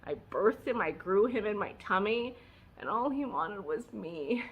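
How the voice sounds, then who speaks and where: A woman's voice: mid-range voice, a little slow, husky, phone-quality sound. A woman vlogger telling her own story casually, candid and emotional, with fillers and self-mocking laughs. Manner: animated, acting out her own past words.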